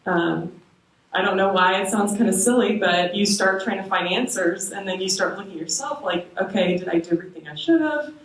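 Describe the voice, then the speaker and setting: A young woman sharing a personal faith testimony with a small moms' group, hesitant, with frequent ums and soft laughs. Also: medium pitch, fairly quick. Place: church meeting room. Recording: echoey room, voice from far off.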